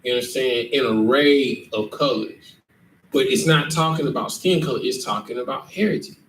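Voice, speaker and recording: This scripture class teacher has a mid-range, slightly bright voice and speaks at a moderate pace, emphatic and constantly checking comprehension. The recording is echoey, with a far-off mic and faint background noise.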